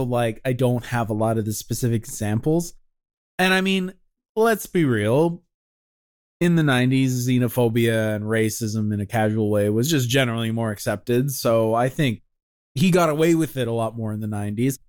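A man co-hosting a podcast who holds forth in long, opinionated stretches. His pitch sits in an ordinary middle range, and he swears without a second thought. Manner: opinionated, swears freely, talks in long runs. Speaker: podcast co-host. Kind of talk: casual chat.

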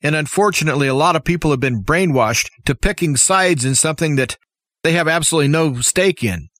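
With a slightly high, bright voice and a fairly quick delivery, a US talk show host rails through an impassioned political monologue full of rhetorical questions and strong opinions. It's studio quality with no echo.

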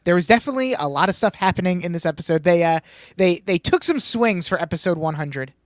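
Brief: young male podcast host, high-pitched, dry close mic, rambly and chatty. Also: lively intonation, no room sound. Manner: chatty, quick to laugh, rambling restarts. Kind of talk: casual recap chat.

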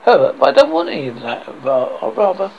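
A man's voice: high voice, huge pitch swings, fast, vocal fry, heavily acted. A man voicing a meek, whiny young prince pleading with his father, on a dull lo-fi recording with faint hiss. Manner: pleading, petulant.

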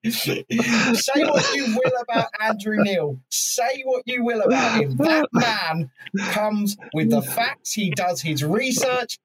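A man hosting a podcast, chatting about politics in an animated way, swearing and restarting his sentences. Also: high-pitched, low-quality recording. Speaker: podcast host. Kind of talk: casual political chat.

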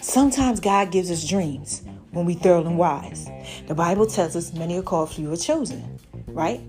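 A woman's voice: fairly low pitch, animated, moderate pace, dark tone, soft background music. Chatty woman preaching a story. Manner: chatty, keeps asking "right?". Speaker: podcast host. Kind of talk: casual sermon-style storytelling.

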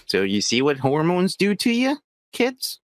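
A man's voice: on the high side, huge pitch swings, measured pace, no room sound. A man co-hosting a podcast, cheery and teasing, laughing a lot in a crude casual chat. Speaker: podcast co-host.

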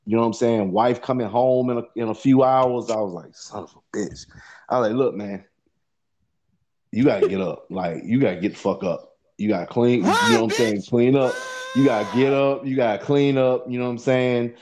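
A man's voice: mid-range voice, fairly quick, a little mellow. A man telling a long profane story in a casual podcast chat, rambling and repeating "you know what I'm saying" as he goes.

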